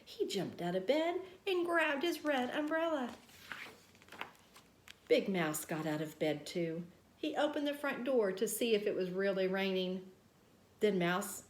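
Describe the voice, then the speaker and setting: A woman reading a children's story aloud, gentle and expressive. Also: mid-range voice, unhurried. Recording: roomy echo.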